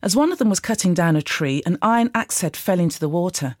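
A woman with a fairly low voice reads scripture at a steady, measured pace. The sound is very dry and close, with no room around it. She lifts her tone a little for each quoted line. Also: no echo. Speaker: Bible reader. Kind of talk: scripted Bible reading.

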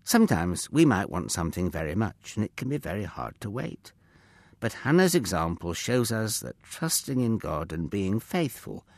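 A man narrating a Bible story for children in an expressive, gentle way, speaking directly to young listeners. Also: sits low, creaky, no echo.

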